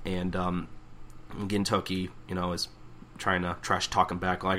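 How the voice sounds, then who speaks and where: A man's voice: low-pitched, level tone, unhurried, sharp tone, a little hiss or hum. A young man co-hosting a podcast, casually retelling a manga chapter and acting out the characters' lines in raised voices. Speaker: podcast co-host. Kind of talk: casual manga recap chat.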